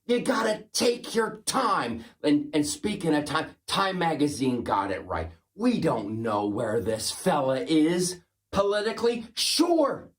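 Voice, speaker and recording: A man doing a comedy impression of a rambling, folksy Midwestern male governor who jumps suddenly in pitch. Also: big pitch swings, a little slow.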